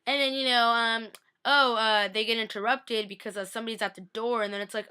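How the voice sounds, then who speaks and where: A woman vlogger chatting casually through a TV episode recap, animated and full of fillers. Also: on the high side, brisk, clean tone.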